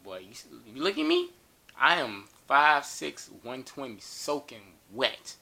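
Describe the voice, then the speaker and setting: A man's voice: medium pitch, wildly swooping pitch, a little slow, gravelly, bright, forceful tone. A man telling a funny story in a casual, joking and profane way.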